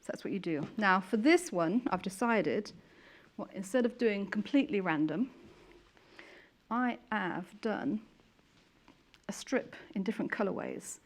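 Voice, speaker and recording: A young woman talking through a sewing demonstration in a relaxed, chatty tone. She explains each step plainly and stays friendly and matter-of-fact. Her voice sits at a middle pitch. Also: unhurried, pauses often. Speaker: quilting demonstrator. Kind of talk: casual chat while demonstrating sewing.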